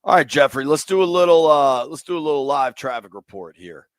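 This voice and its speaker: A laid-back man from Washington, D.C., chats his way through a sports radio show and leans on fillers as he talks. His voice sits a little high, and the studio sound is dry. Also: lively intonation, fairly quick, dry recording. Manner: easygoing, rambling with fillers and restarts. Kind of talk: casual sports talk on a livestream.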